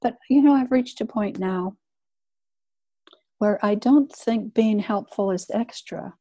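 An older woman who works in hospice speaks candidly about her job, telling it like an earnest story in a reflective, personal way. Her voice is medium-pitched, slow and warm, and the recording is dry.

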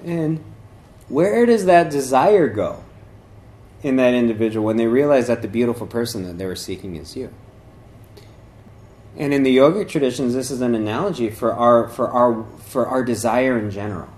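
A man with a medium-pitched, darkish voice and lively intonation delivers a casual spiritual talk at a moderate pace. As a dharma speaker, he rambles with lots of fillers and restarts and voices the characters in his stories.

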